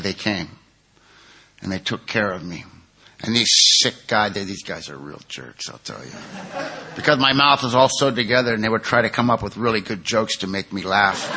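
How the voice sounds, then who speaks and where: An older man sharing his life story at a recovery meeting, long-winded and candid, with self-mocking humor and a voice that gets loud when the story heats up. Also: lowish voice, husky. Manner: grows loud and heated when telling intense moments. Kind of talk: personal testimony, storytelling.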